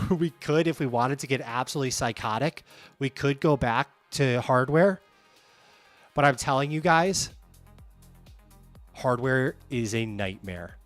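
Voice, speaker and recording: Casual man livestreaming with faint music. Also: medium pitch. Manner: candid, animated, reads chat comments aloud. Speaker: livestream host.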